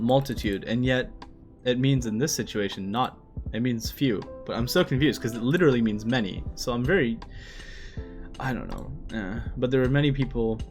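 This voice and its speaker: A man reading a manga aloud on a live stream, chatting in a rambling, self-deprecating way with lots of fillers. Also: mid-range voice. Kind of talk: casual live-stream commentary.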